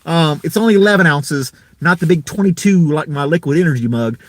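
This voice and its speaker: A man's voice: on the high side, fairly quick, dry recording. A man hosting a casual live stream, rambling in an easygoing way and chuckling often.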